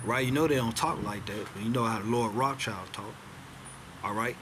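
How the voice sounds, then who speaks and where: A man's voice: medium pitch, moderate pace, background noise. Casual man quizzing listeners with "all right?". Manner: peppers talk with "all right?", "man" and "see that?"; rhetorical questions answered himself. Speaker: self-styled teacher. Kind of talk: informal teaching, reading documents aloud.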